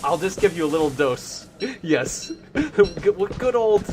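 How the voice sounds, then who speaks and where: A man's voice: sits high, very animated, takes it slowly, over music. A man hosting a game live stream, chatting playfully with viewers and laughing often. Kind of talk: casual live stream chat.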